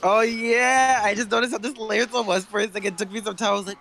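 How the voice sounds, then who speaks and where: A man's voice: high voice, quick pace, vocal fry, a little hiss or hum. A young man in his twenties on a casual gaming podcast, telling stories with lots of swearing and laughter. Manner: animated storytelling, swears and laughs a lot. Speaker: podcast co-host.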